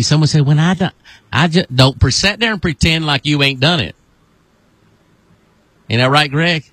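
A man, a pastor, leading a deliverance prayer with commanding repeated calls and sudden high whoops. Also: normal speed, long pauses, fairly bright tone, no echo.

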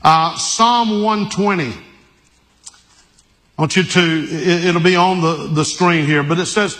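A man delivers a sermon in a high, bright voice. He talks slowly, halting and repeating himself, and leans hard into the scripture he reads aloud. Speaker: preacher.

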